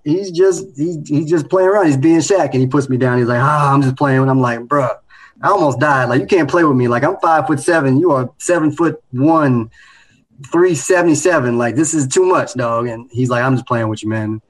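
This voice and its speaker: A man in his late thirties, co-hosting a podcast, telling a story in a relaxed, casual chat that grows animated. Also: a little high, moderate pace, rough recording. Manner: laid-back, animated when telling a story. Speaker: podcast co-host.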